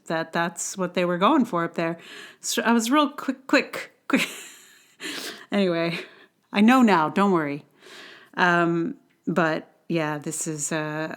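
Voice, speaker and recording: A woman from New York hosting a solo podcast, talking in a rambling, chatty way with self-deprecating asides. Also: fairly low pitch. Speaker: podcast host.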